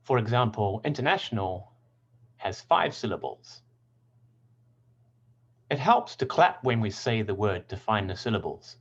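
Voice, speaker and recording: Lively low-voiced male English teacher. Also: highs cut off. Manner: clear, deliberate teaching with stressed example words. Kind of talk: scripted lesson.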